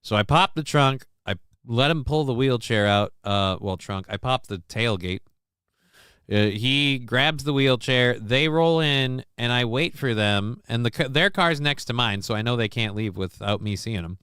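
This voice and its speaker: A middle-aged man chats on his home live stream in a bright, clear voice, recorded close and dry with no room sound. He rambles, swears casually and reads viewers' comments aloud. When he quotes people he lifts into a livelier voice. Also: medium pitch, animated, measured pace, no echo. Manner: quotes himself and others in livelier raised voice. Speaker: livestream host. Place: home desk.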